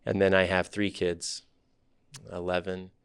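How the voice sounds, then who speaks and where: Speaking in a deep, smooth, unhurried voice with no echo, a startup CEO in his thirties shares his story as a podcast interview guest. He comes across as relaxed, candid and thoughtful.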